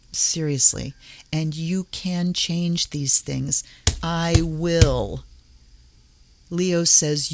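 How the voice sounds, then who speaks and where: This is a woman with a notably low voice, hosting her tarot channel and talking straight to her viewers. She sounds earnest and emotional, choked up and close to tears, and she swears in a relaxed way. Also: no room sound. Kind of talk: casual spiritual talk to camera.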